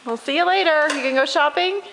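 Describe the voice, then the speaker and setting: A woman's voice: sits high, a little fast, gravelly. A mother playing at home with her toddler, praising and coaxing her in a sing-song way, on a home video. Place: home room with toys. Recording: noisy home camcorder recording.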